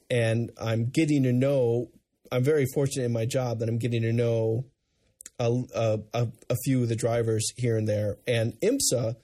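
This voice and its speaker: Podcast co-host from the States, a man with a warm, slightly husky voice who restarts his sentences a lot. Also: medium pitch. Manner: rambling, many restarts. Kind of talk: casual chat.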